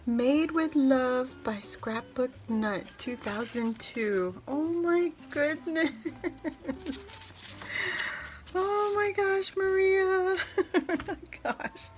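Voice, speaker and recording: A woman with a slightly high voice talks slowly and unhurriedly, gushing over each item as she unboxes craft mail for her channel. Soft music plays faintly underneath. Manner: effusive, gushing exclamations. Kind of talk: casual unboxing vlog.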